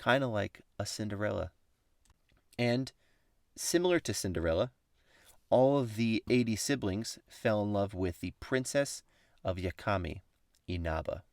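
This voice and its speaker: A man's voice: fairly low pitch, expressive, unhurried, pauses often, a little mellow, dry recording, clean studio sound. A man hosting a podcast, casually retelling an old myth in a chatty way, correcting himself and adding jokey asides. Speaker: podcast host.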